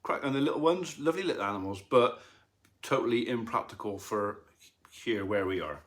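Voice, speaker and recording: Rambling middle-aged farmer chatting live. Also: male voice, lowish voice, lively intonation, brisk. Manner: rambling, dry teasing humour. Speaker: farmer and channel host. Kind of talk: casual live-stream chat. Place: home lounge.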